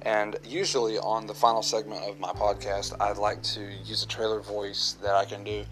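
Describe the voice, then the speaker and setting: A man's voice: fairly low pitch, little pitch movement, normal speed, few pauses, a bit bright, soft background music. Man hosting a reflective solo podcast. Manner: earnest, reflective, repeats himself. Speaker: podcast host.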